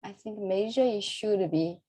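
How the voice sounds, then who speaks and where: A woman's voice: mid-range voice, no echo, poor audio. A woman leading an English recitation group on a video call, praising and coaching the learners. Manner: warm praise, repeats words, some pauses. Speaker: English reading group leader. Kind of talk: encouraging recitation practice.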